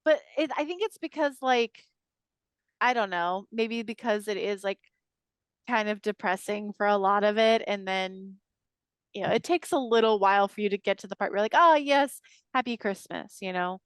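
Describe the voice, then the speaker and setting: A woman co-hosting a podcast in easy, casual chat. She talks in a hesitant way, full of fillers and restarts. Her voice is smooth and resonant, recorded dry and close with no room sound. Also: medium pitch, normal speed, dry recording. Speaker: podcast co-host.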